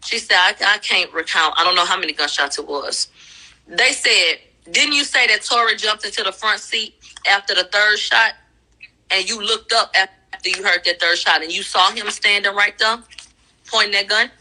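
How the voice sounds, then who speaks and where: A woman's voice: mid-range voice, moderate pace, pushed and bright, poor audio. A woman casually recapping courtroom testimony, talking in a loose, profane way and acting out the quotes she relays. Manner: conversational, profane, acts out quoted lines. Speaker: commentator recapping a trial.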